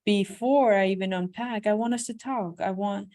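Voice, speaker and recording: A woman's voice: medium pitch, fairly even intonation, unhurried, lightly acted. A woman voicing a husband in a scenario read from a self-help book, speaking in her own voice. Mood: gentle. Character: blustering husband, grown man, demanding.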